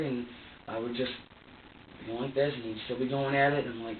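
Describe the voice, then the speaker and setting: A man's voice: mid-range voice, steady tone, a little fast, pauses often. A man being questioned by investigators, rambling, agitated and swearing heavily as he recounts what happened. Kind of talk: recounting events under questioning. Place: sheriff's interrogation room. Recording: echoey distant lo-fi video with faint hiss.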